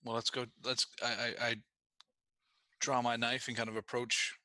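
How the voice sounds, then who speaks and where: Man, tabletop player, very bright tense tone, casual, dry sound. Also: medium pitch, little pitch movement, moderate pace, dry recording. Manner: casual, thinking aloud. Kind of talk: tabletop game chat.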